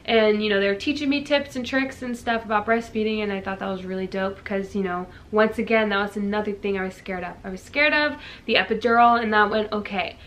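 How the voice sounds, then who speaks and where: A young woman vlogger casually telling a story to her viewers, full of "like" and slang, jumping way up in pitch when she quotes herself. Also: fairly quick, few pauses, a bit bright, slight background noise. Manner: chatty, peppered with "like" and slang; jumps high when quoting herself.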